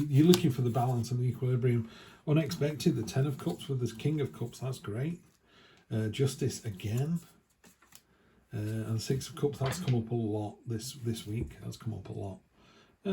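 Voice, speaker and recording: A man's voice: mid-range voice, mellow, a little hiss or hum. A man giving a casual tarot reading, chatty and rambling with lots of asides. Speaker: tarot reader.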